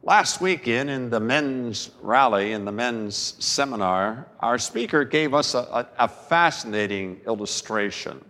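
Slow, emphatic preacher in a reverberant hall. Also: male voice, mid-range voice, animated, sharp tone. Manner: slow, emphatic storytelling with dramatic pauses. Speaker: pastor. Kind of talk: sermon. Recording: long reverb of a large church hall.

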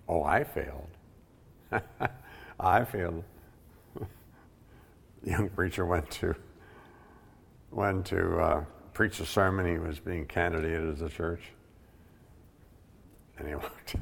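Slow gravelly-voiced preacher, hall reverb. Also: male voice, low voice. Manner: emphatic, repeats key words for weight. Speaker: pastor. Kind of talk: sermon. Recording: long reverb of a large hall.

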